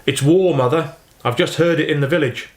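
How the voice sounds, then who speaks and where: A man voicing a gruff, blustering, patriotic farmer father in an audiobook reading. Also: a little high, brisk, pitched above the performer's own voice, lightly acted. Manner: loud, blustering, boastful. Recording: roomy echo.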